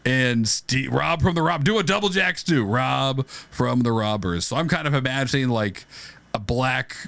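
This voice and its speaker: A man's voice: mid-range voice, lively intonation, moderate pace, vocal fry, fairly bright tone, no room sound. A man co-hosting a comedy podcast, riffing animatedly on a movie idea and laughing often. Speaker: podcast co-host. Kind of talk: casual comedic brainstorming.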